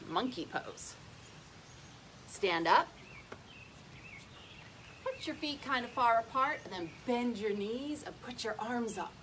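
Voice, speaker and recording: A woman's voice: mid-range voice, a bit bright, a little hiss or hum. A woman leading a playful yoga lesson for young children, speaking in a sing-song way. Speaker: early childhood educator leading kids' yoga.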